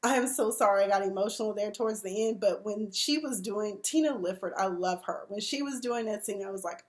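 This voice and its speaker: A woman in her forties talks through a TV episode like she's telling a friend, chatty and full of slang. She sounds emotional, with her voice sitting at an ordinary middle pitch. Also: normal speed, hardly any pauses. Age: 40s. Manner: chatty, expressive storytelling with slang. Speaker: TV review vlogger. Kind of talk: casual TV episode recap.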